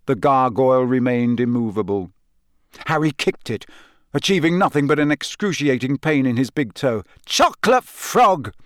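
A man narrating a novel as an audiobook, reading in an expressive way that acts out the characters. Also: mid-range voice, moderate pace, dry recording, clean studio sound.

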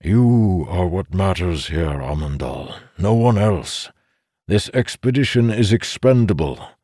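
A man's voice: low-pitched, expressive, measured pace, mellow, no room sound, studio quality, voice pushed up, heavily acted. A man voicing a droning old codger who lectures in a firm, scolding tone. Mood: stern.

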